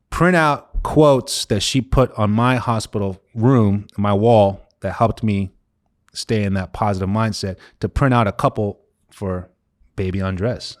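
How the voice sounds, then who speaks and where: A man in his thirties, a coach, telling a candid personal story in casual, conversational speech that sinks low and quiet on the painful parts. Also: no echo, studio quality. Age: 30s. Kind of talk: personal story told to camera.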